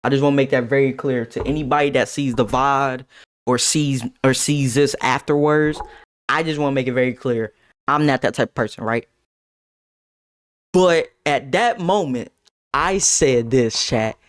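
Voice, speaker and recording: A young man streaming, telling a wild high school story to his chat, laughing and swearing as he goes. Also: moderate pace, smooth. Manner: swearing, laughing, big dramatic voice swings. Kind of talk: animated storytelling to a live chat.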